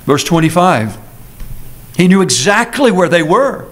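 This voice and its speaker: A man preaching an earnest, emphatic sermon with dramatic pauses, as pastor in a church sanctuary. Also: high voice, big pitch swings, fairly bright tone.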